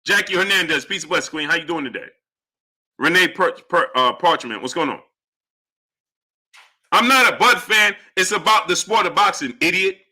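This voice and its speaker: A man hosts a livestream in a high, pushed and bright voice with lively intonation, answering chat. Quick shout-outs to chat names come between rants where he argues heatedly with viewers, lecturing them.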